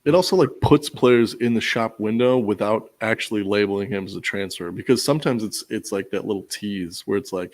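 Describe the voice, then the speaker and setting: A man joining a casual sports livestream with quick, joking interjections. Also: fairly low pitch.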